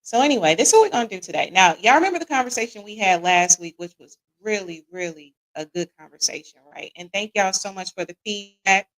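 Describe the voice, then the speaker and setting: A woman's voice: mid-range voice, animated, quick pace, few pauses, fairly bright tone, rough recording. An American woman hosting a live-streamed relationship talk show, chatty, greeting viewers by name and tagging lines with "right?". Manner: repeats "right?" as a tag; casual Southern-leaning slang, "y'all". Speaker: podcast host.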